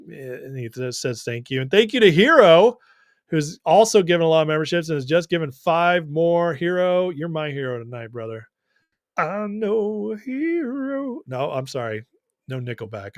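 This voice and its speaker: A man's voice: a little high, no echo, studio quality. A young man hosting a political livestream, reading viewer comments and giving his opinions in a casual, conversational way.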